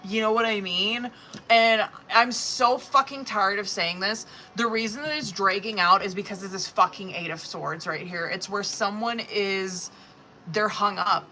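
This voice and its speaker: A woman reading tarot cards on a live stream, blunt and expressive, swearing freely as she talks the viewer through each card. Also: medium pitch, measured pace, a little hiss or hum. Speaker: tarot reader.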